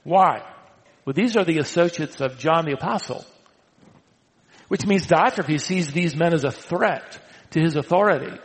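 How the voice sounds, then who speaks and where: Male pastor, sermon, high-pitched, dramatic loud-to-hushed delivery, long hall reverb. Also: normal speed. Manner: dramatic swings from loud emphasis to hushed tones.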